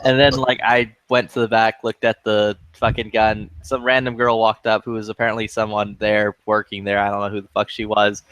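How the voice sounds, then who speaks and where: A lobby chat regular with a lowish voice talks at a normal speed with few pauses, recorded with no echo. His long story is crude and animated, and he acts out the voices of the people in it.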